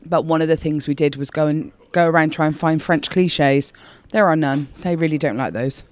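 A woman from Bristol with a Bristolian accent, chatting in an interview as a comedian guest in a rambling way full of quick asides. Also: low voice, a little hiss or hum. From Bristol, England. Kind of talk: casual interview chat.

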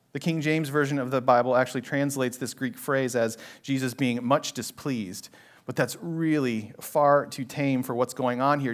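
A male pastor preaching an expository sermon in an earnest, conversational way, with casual asides to the congregation. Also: medium pitch.

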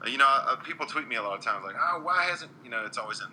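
A man's voice: mid-range voice, rapid-fire, bright, forceful tone, a little hiss or hum, poor audio. A man, a country singer, chatting earnestly in an interview with frequent restarts and ums. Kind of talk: casual interview chat.

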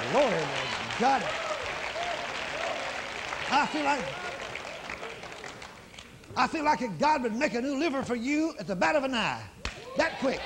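A man preaching a fervent revival sermon, calling people forward and praying over them in a husky voice. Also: high-pitched, noisy background. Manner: fervent, shouting praise, rapid calls to come forward. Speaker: evangelist. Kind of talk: revival sermon with healing prayer. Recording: live in a large hall with long reverb.

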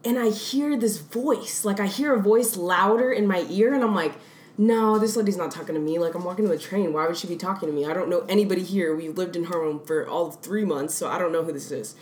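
A woman's voice: lowish voice, a little fast, a little mellow. A young woman co-hosting a podcast, telling a story in casual chat and laughing through the punchlines. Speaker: podcast co-host. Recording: echoey room with faint noise.

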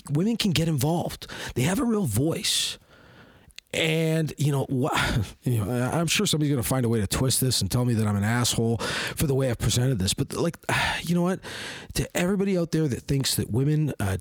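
A man's voice: a little high, dry recording. A man hosting a podcast, delivering a heated, rambling opinion monologue full of fillers. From Canada. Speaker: podcast host.

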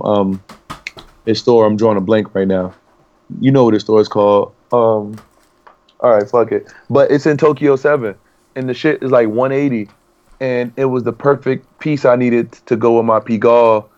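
Excitable young man, slightly muffled audio. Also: mid-range voice. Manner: excitable, profane, stumbles while searching for words. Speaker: podcast co-host. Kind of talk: casual chat. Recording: slightly dull lo-fi sound.

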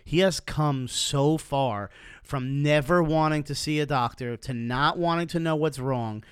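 A man co-hosting a podcast with a smooth, clear voice, recorded close and dry. He speaks earnestly as he sums up the conversation. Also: on the high side, unhurried, no room sound. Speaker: podcast co-host. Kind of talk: casual podcast chat.

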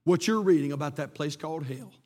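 A preacher voicing a desperate condemned prisoner. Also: male voice, fairly high pitch, brisk, mellow, voice pushed down, natural voice. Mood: urgent. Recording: long reverb of a church hall.

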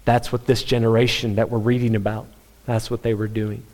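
A man's voice: fairly low pitch, little pitch movement, fairly quick, darkish tone. A man preaching a sermon, earnest and emphatic, pressing his point with rhetorical questions and repetition. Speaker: pastor.

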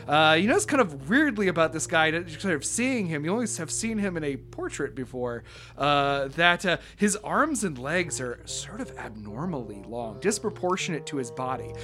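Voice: medium pitch, big pitch swings, a bit bright, soft background music. A game master narrating a tabletop game, hesitating often with fillers as they describe scenes. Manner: halting, lots of fillers while describing.

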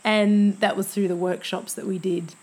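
A woman's voice: medium pitch, little pitch movement, normal speed, darkish tone, husky. Woman, 40s, podcast co-host, casual reflective chat, easy laugh.

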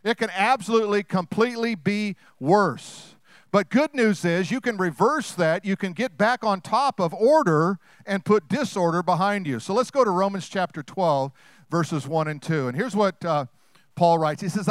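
A man preaching with a high, smooth, resonant voice. He talks in a lively, conversational way and slips into acted-out voices. The sound is close and dry. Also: normal speed, no echo. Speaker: pastor. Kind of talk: sermon.

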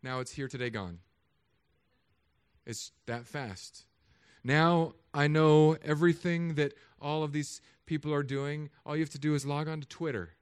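A man in his thirties, a pastor, preaching a sermon with animated, humorous storytelling. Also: a little high, normal speed, hardly any pauses, clean tone.

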